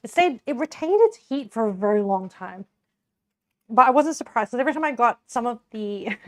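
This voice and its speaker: A young woman with a fairly high voice chats with her live-stream audience while cooking, rambling and giggling a lot, with many fillers. The recording is dry.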